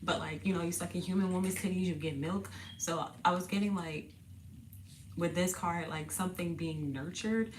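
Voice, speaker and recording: A woman hosting a casual tarot reading video, chatty and slangy, laughing often and sounding a bit parched and husky. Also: on the low side, fairly even intonation, moderate pace, a little hiss or hum. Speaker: tarot reader and channel host. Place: indoors, sitting on the floor.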